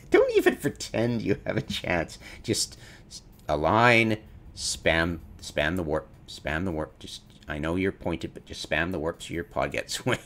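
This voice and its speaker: A man's voice: low-pitched, very animated, a little slow, a bit bright. A man commenting on his own gameplay, mocking his mistakes, laughing often and acting out his inner voice. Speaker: gamer streamer.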